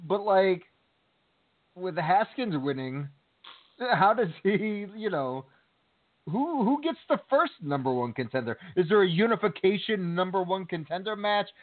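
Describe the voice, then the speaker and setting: A man's voice: high-pitched, unhurried. Chatty man on a tinny phone line. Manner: chatty, animated storytelling with fillers. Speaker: podcast co-host. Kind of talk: casual chat.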